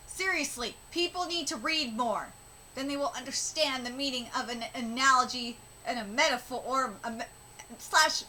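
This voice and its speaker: A woman doing a live reaction while reading a manga aloud, excitable and swearing freely, breaking into squealing shouts. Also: on the high side, slight background noise, poor audio.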